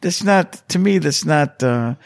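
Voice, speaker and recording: A middle-aged man being interviewed, telling stories in a casual, animated way and acting out quotes with big jumps in voice. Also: fairly high pitch, unhurried, gravelly, dry recording. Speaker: hunter and hunting instructor, interview guest.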